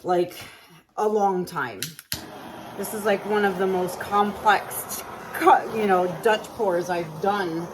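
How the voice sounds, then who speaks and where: A woman's voice: mid-range voice, slow, background noise. Chatty woman painting and thinking aloud. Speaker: acrylic pour artist. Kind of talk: casual talk while painting.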